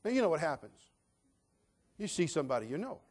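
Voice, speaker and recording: A male pastor preaching a sermon with humor, swinging between loud emphatic bursts and quiet, dry asides. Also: fairly high pitch, big pitch swings, fast talker, husky.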